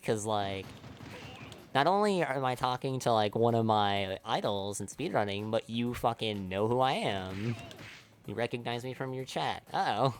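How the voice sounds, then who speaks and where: A man's voice: medium pitch, lively intonation, measured pace. A young man streaming a speedrun, chatting casually, rambling with lots of "like", swearing and laughing often.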